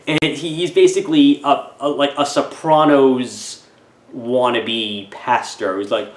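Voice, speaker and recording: A man giving a casual, wry film review, digressive and halting, in a roomy echoey room. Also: mid-range voice.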